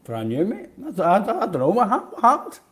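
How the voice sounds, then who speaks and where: A man's voice: sits high, huge pitch swings, a little fast, fairly bright tone, husky. Easygoing Scottish man, rambling chat. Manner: easygoing, rambling, says mate constantly. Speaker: podcast co-host. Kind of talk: casual football podcast chat.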